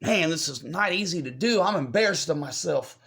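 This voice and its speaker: A man giving a confessional vlog update to his viewers, choked up and fighting back tears, halting and apologetic as he repeats himself. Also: a little high, animated, creaky, fairly bright tone, breathy edge. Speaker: vlogger.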